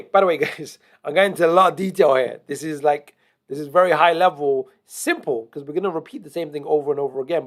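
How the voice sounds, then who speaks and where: A man teaching trading chart analysis, explaining slowly and methodically to viewers. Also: medium pitch, vocal fry. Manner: deliberately slow, methodical explaining. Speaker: trading educator. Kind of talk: screen-share chart analysis.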